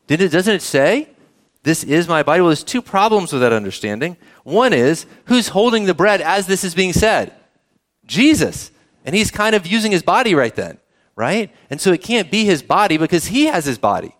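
A man's voice: high-pitched, sing-song, normal speed. A man preaching a sermon in a conversational way, often asking the congregation questions. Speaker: pastor.

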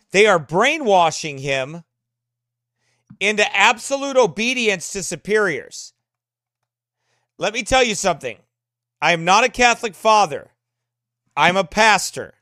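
A man's voice: high-pitched, big pitch swings, slow pace, long pauses, sharp tone, no room sound, clean studio sound. A man who is a pastor, preaching a sermon in an earnest, emphatic way and reading aloud from a memoir.

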